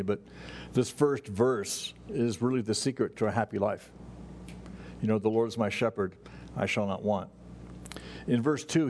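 A man's voice: on the low side, a little mellow, slight background noise. A man preaching a sermon as pastor, talking in a conversational way with many fillers and restarts. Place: church sanctuary.

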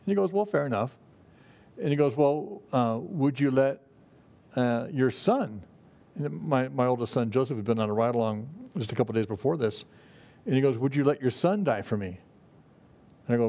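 A man's voice: mid-range voice, moderate pace, pauses often, darkish tone. Casting middle-aged male lay preacher, folksy and conversational, mid-range voice, loose delivery full of fillers. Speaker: pastor. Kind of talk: Bible study teaching.

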